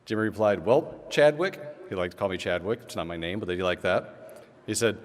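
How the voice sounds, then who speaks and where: A man's voice: deep voice, fairly even intonation, fast, slight background noise. A middle-aged man from Illinois giving a storytelling acceptance speech, restarting lines and chuckling as he goes. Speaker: Hall of Fame inductee giving a speech. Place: large hall. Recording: long hall reverb.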